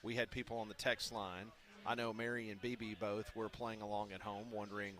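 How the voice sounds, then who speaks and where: A man's voice: on the low side, level tone, fairly quick, bright, forceful tone. A man co-hosting a sports radio show, telling stories in a chatty, teasing way. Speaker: radio co-host. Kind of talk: casual studio banter.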